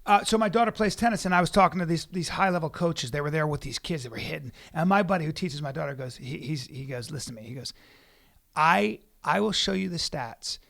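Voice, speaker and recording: A man co-hosting a podcast in casual chat, animated and profane, breaking into loud mock rants. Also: on the high side, a little fast, creaky. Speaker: podcast co-host.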